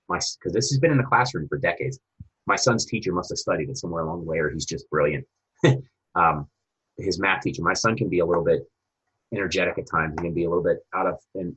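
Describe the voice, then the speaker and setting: A man being interviewed as a guest coach developer, talking in an animated storytelling way. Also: low voice, husky, poor audio. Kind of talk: conversational interview.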